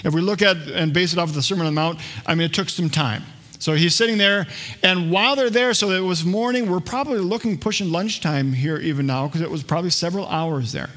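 Conversational preacher, a man, slightly high voice. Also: fast, fairly bright tone. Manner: conversational, jokes with the congregation. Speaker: pastor. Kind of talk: sermon. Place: church.

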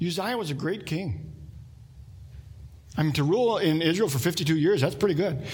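Husky-voiced man preaching a sermon. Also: fairly high pitch, lively intonation, normal speed, darkish tone. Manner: conversational, digressive, with asides to listeners. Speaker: pastor.

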